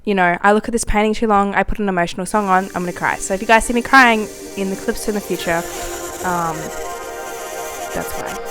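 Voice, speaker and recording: A woman's voice: mid-range voice, steady tone, fairly quick, music in the background. A woman artist chatting casually to camera in her art studio, emotional and self-mocking, often drawing out her words. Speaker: artist and vlogger. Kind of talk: casual vlog chat to camera.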